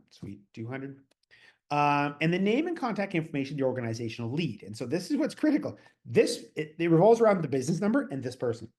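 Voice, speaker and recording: A man from Canada hosts a slide webinar at a quick clip. His pitch moves around a lot, and the talk is casual, with fillers and little asides. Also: darkish tone. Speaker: webinar host and consultant.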